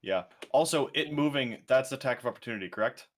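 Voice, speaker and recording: Relaxed player over faint hiss. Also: medium pitch, fast. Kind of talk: casual tabletop play.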